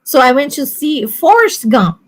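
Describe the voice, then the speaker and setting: A woman from Brazil speaks English with a clear Brazilian accent, sitting in on a casual livestream chat. Her voice sits very high. She tells animated stories and laughs easily. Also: measured pace, slight background noise. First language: Portuguese. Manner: animated storyteller, laughing often.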